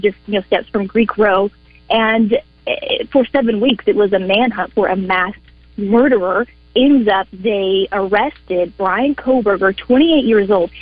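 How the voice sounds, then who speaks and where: A woman reports on a court case over the air, fluent and energetic. Her voice is mid-pitched and the sound is dry and dull, like a lo-fi broadcast. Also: no room sound. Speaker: court correspondent and attorney. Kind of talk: live news report on radio.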